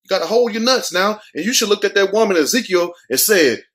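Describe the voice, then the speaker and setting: A man's voice: high-pitched, fast, hardly any pauses. Brash, mocking man riffing on the news. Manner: loud, mocking, street slang, acts out quotes. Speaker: commentary show host. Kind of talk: comedic news commentary.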